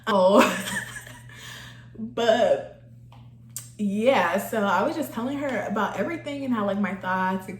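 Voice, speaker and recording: A young woman talks casually while getting ready, laughing often and turning emotional, near tears. Her voice sits at a medium pitch. The recording has an echoey room sound. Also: slow, pauses often. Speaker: vlogger. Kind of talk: casual get-ready-with-me chat.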